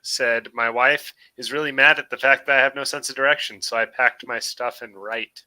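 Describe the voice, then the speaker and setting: A man's voice: mid-range voice, fairly even intonation, normal speed, sharp tone. A man hosting a casual live stream chat, reading viewer comments in a joking, laid-back way. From moved to Montana from elsewhere. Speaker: host.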